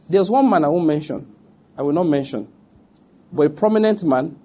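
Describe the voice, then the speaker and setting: Middle-aged Nigerian pastor, emphatic sermon delivery, slightly high husky voice. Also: male voice, lively intonation, moderate pace, long pauses, mellow. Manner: emphatic, repeats points, addresses audience directly. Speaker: preacher.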